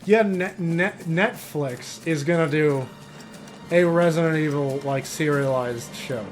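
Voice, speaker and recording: A man's voice: a little high, measured pace, faint music behind. A man streaming and chatting casually, rambling and interrupting himself while he talks. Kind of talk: casual chat while gaming.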